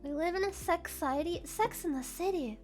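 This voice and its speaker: Very high-voiced chatty woman streamer. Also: a little fast, darkish tone, soft background music. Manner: chatty, giggly, self-deprecating rambling. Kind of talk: casual livestream chat.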